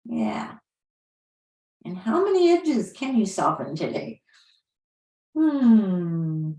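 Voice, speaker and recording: Slow, gentle woman guiding yoga. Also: medium pitch, sing-song. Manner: gentle, unhurried cueing with soft affirmations. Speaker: yoga teacher. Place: class room. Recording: roomy echo.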